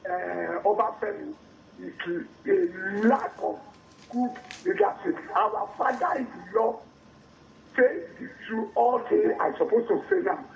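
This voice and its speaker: A caller rings a radio show and speaks slowly and fervently, circling back over his words. His voice is very high for a man and gravelly. The line sounds dull and echoey, with faint hiss behind it. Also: sing-song. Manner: slow, fervent, repetitive. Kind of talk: phone-in call.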